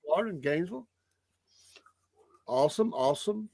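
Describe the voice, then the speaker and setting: A man's voice: on the high side, expressive, brisk, creaky, a little mellow. A man in his sixties co-hosting a casual chat show, ribbing his partner in an easygoing way. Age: 60s. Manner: teasing, easygoing. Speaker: show co-host.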